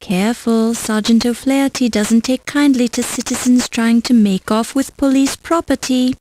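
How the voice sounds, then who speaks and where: A woman's voice: a little high, fairly even intonation, normal speed, warm tone, natural voice, rough recording. A woman narrating an adventure game with dry, wry scripted remarks.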